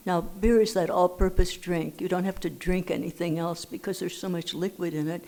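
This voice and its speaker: A woman's voice: fairly low pitch, gravelly, darkish tone. An older woman from Los Angeles telling her recovery story at a meeting, with dry humor. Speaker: AA speaker. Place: meeting hall.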